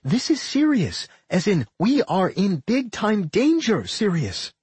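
A man voicing a worried, sharp-minded female pixie who thinks aloud and scolds her partner. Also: sits high, wildly swooping pitch, takes it slowly, husky, no echo, voice pushed up, heavily acted.

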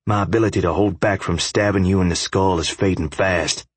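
A man voicing a hostile, crude biker in an audiobook, speaking fast in a low, clipped, spitting way. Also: fairly even intonation, breathy edge, no room sound. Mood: seething.

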